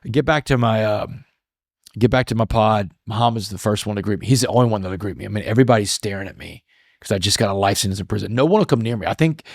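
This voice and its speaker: Earnest low-voiced man telling his story. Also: vocal fry, no echo, studio quality. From Texas. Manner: earnest, reflective, halting with repeated restarts. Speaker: podcast guest. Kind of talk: emotional storytelling interview.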